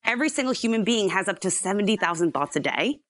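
Woman psychologist, guest, casual explaining, lively storytelling, dry close mic. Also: mid-range voice, quick pace, dry recording. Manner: animated storyteller, acts out inner voices.

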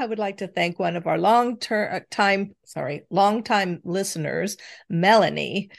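A middle-aged woman, co-hosting a casual podcast chat with her daughter, affectionate and quick to laugh. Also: fairly low pitch, gravelly. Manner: affectionate, chatty, laughs often. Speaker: podcast co-host.

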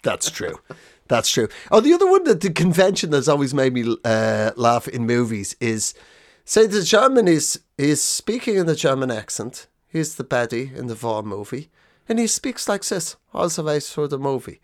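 Lively animated male podcast host. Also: mid-range voice, normal speed. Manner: animated storyteller who acts out the people in his stories. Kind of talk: comedic casual chat.

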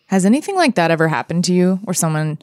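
A woman's voice: fairly low pitch, sing-song, dry recording, studio quality. A woman co-hosting a podcast in casual chat, reacting eagerly and asking questions. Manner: reactive, engaged, quick to gasp and ask questions. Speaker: podcast co-host.

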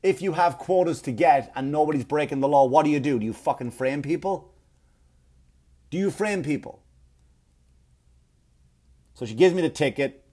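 A man delivering a profane comedic rant, animated and repetitive, often stumbling over his words. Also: a little high, normal speed, long pauses. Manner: animated, profane, repeats himself. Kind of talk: ranting comedic monologue.

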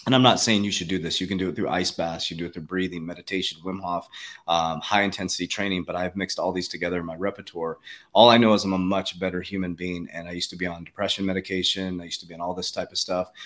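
Deep voiced guy rattling on fast, earnest and emphatic, lots of um and like. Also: fairly even intonation, a bit bright. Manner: earnest, emphatic, many fillers and restarts. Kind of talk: casual podcast chat.

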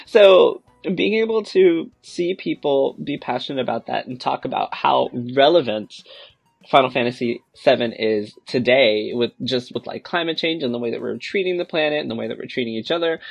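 A podcast co-host in casual roundtable chat, excitable and animated, laughing often as they tell stories. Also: medium pitch, dry recording.

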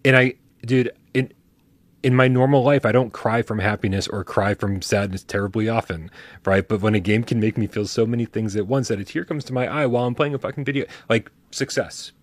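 A man's voice: mid-range voice, fairly even intonation, a little fast, no room sound. A man hosting a casual chat, talking animatedly with frequent restarts and casual swearing. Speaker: host.

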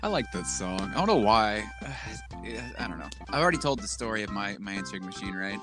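A man's voice: fairly low pitch, very animated, a little fast, music in the background. A young man co-hosting a casual podcast, rambling through stories with self-deprecating asides. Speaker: podcast co-host. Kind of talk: casual chat.

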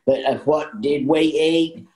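A woman's voice: sits low, steady tone, slow pace, warm tone, low-quality recording. A woman in her sixties with a Southern American accent, a guest telling folksy stories in casual chat. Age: 60s. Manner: folksy storyteller, says honey. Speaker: guest, actress and singer.

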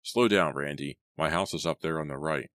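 A man's voice: a bass voice, moderate pace, fairly bright tone, no room sound. A man voicing a big, anxious teenage boy who talks in a snappish, nervous way.

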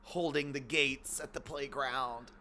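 A young man co-hosting a podcast, talking casually. He riffs with animated emphasis, and his voice jumps up when a point excites him. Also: medium pitch, slow pace. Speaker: podcast co-host. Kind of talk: casual chat.

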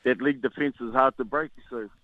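A man's voice: medium pitch, steady tone, fairly quick, dry recording. New Zealand man on a tinny phone line. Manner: rambling, repeats words, laughs easily. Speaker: guest, former rugby player. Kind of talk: casual radio interview over the phone.

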